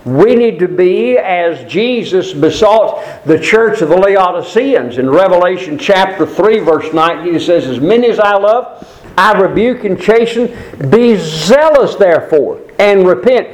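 Earnest high-voiced male preacher. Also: expressive, poor audio. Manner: earnest, emphatic preaching with rhetorical questions; reads scripture aloud slowly and deliberately. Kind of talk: sermon.

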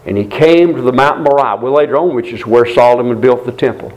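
A man's voice: mid-range voice, a little fast, darkish tone, low-quality recording. A man preaching a sermon, retelling a scripture story with emphatic repetition. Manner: emphatic, repeats phrases for stress, storytelling.

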